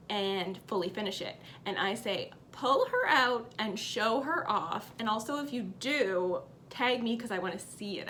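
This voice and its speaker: A woman's voice: fairly high pitch, a bit bright, a little hiss or hum. A woman hosting a cross-stitch vlog, chatting upbeat to camera and reading out viewer comments at home. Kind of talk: casual chat to camera.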